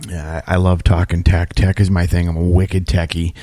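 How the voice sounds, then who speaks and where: Brief: man co-hosting paranormal radio, jokey and blunt, very low voice, dry sound. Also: little pitch movement, normal speed, warm tone, dry recording. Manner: joking, self-deprecating, blunt. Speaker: co-host of a paranormal radio show. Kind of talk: casual banter.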